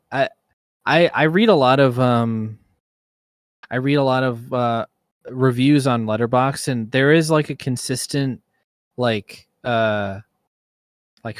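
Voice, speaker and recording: In clean studio sound with no room tone, a medium-pitched man co-hosts a podcast. The chat is casual, and he rambles, restarts often, and laughs a lot.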